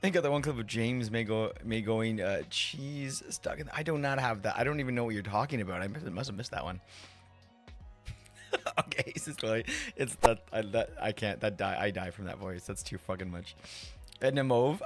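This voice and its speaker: A man streaming a game live, rambling excitedly, laughing and swearing as he reacts to chat. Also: fairly low pitch, normal speed, soft background music.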